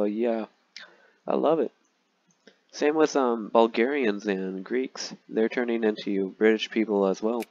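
A young man rambles through his strategy game playthrough in a casual, deadpan joking way, full of ums and likes. His voice sits a bit low. The recording is muffled and lo-fi. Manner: joking, rambling with fillers, deadpan dark humor. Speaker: gaming YouTuber. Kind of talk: casual gameplay commentary.

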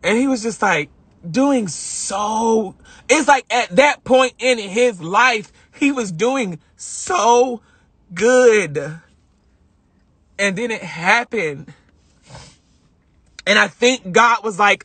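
A young woman talks on her live stream in a high, bright voice. She is emotional and rambling, circling back and repeating lines. Her tone is a little husky, with a dry, close sound. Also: very slow, pauses often, no echo. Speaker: livestream host. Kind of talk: casual live-stream storytelling.

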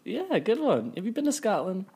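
A man's voice: high voice, wildly swooping pitch, moderate pace, a little mellow, husky. A man in his thirties co-hosting a podcast, chatting casually with playful, opinionated energy. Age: 30s. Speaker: podcast co-host. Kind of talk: casual chat.

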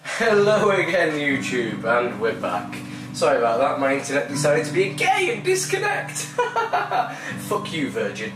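A young man hosting a let's play, excitable and laughing, whooping and swearing casually as he plays. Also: a little high, a little slow. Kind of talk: excited gaming commentary. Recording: roomy, distant mic with game music. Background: game music.

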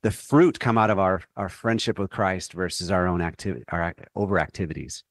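Guy on a faith radio show, thoughtful and earnest, low voice, dry mic. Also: brisk, no room sound. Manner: earnest, thoughtful, some restarts. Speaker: author and entrepreneur guest. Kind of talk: radio interview. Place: radio interview.

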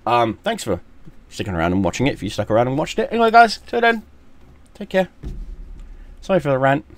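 A man's voice: medium pitch, animated, fairly quick. A middle-aged man, a gaming streamer, delivering a long profane rant straight to camera. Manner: swears heavily, shouting in bursts.

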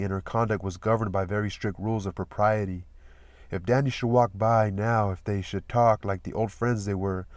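A man reads a novel aloud as an audiobook reader, his lowish voice steady and measured. The recording is dry and close, with no room sound.

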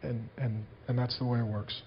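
A man's voice: mid-range voice, flat delivery, normal speed, big-room sound, lo-fi sound. A man preaching a sermon as a pastor, telling stories to his congregation in an earnest way.

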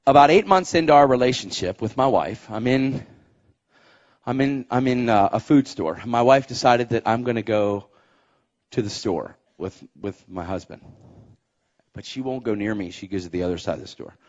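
A man's voice: medium pitch, lively intonation, moderate pace, darkish tone. A man preaching a testimony sermon, telling his story emphatically and punching it with sound effects. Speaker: evangelist. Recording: dull, muffled recording.

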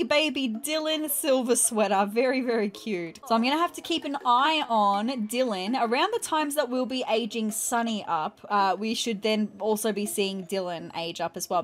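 A woman hosting a let's play, commenting with excited gasps and squeals. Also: on the high side. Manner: excitable, gasping and squealing at surprises. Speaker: gaming channel host.

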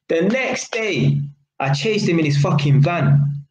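A young man from England, a vlogger with a London accent, delivers a casual, heated rant to camera in street slang, saying "innit" over and over. His voice is a little high and expressive, a little slow, with a darkish tone, and the room echoes with faint ambience.

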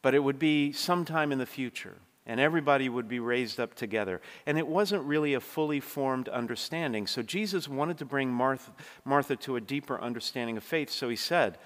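A man delivers a sermon from the pulpit in a voice of middle pitch. He is earnest, dropping to near-hushed tones and then building to forceful climaxes. The sound carries a long church-hall reverb. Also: normal speed. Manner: earnest preaching, dynamic swings from hushed to forceful. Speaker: pastor.

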